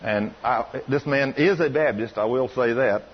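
Folksy preacher on lo-fi radio. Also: male voice, moderate pace, slight background noise. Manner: folksy, animated, rises high when quoting others. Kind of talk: sermon storytelling.

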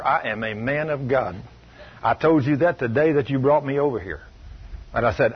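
A man preaching a sermon, telling personal stories in a stern, emphatic way, often dropping to a low, soft tone. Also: muffled recording, slight background noise. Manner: stern, emphatic storytelling, shifting loud and soft.

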